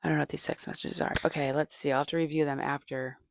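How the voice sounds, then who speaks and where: A woman's voice: low voice, steady tone, fast talker, vocal fry, noisy background. A middle-aged woman, a comedian, rambling through a casual solo chat with lots of fillers and asides. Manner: meandering, chatty, many fillers and asides. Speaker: comedian and podcast host.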